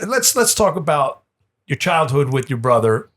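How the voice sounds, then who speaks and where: A man's voice: a little high, big pitch swings, moderate pace, a bit bright. A man hosting a podcast interview, asking questions in a hesitant way full of ums and restarts, while encouraging his guest.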